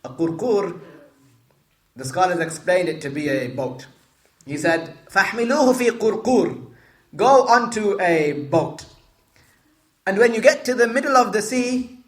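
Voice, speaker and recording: A man retelling a hadith story to listeners, repeating phrases, explaining Arabic terms and asking them questions as he goes. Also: fairly high pitch. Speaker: religious storyteller. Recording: roomy echo.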